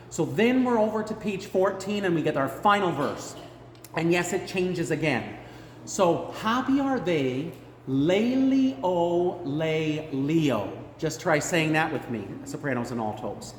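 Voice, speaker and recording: A woman's voice: low-pitched, slight background noise. A woman choir director leading a rehearsal, singing each part to demonstrate it and then explaining it. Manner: sings parts to demonstrate, then explains them. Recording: roomy hall with long reverb, loud music.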